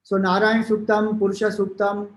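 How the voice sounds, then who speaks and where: A man's voice: sits high, monotone, brisk. A man with an Indian English accent giving a devotional discourse, explaining scripture and retelling old stories in a loose, storytelling way. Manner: storytelling, explanatory, with fillers and restarts. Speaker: spiritual teacher. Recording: roomy echo.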